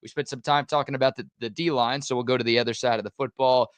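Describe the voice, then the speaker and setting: A man's voice: medium pitch, steady tone, fast, clean tone, dry recording. A man hosting a sports radio show, teasing his co-host dryly and leading into segments. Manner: dry teasing, steers the segments. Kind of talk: casual chat and show hosting.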